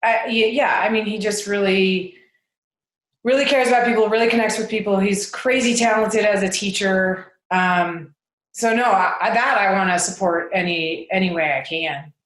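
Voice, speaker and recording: A podcast guest in her forties speaks in a mid-range, fairly bright voice at a normal speed. The show is a casual interview, and she comes across as hesitant, leaning on fillers and laughing frequently, all in an echoey room.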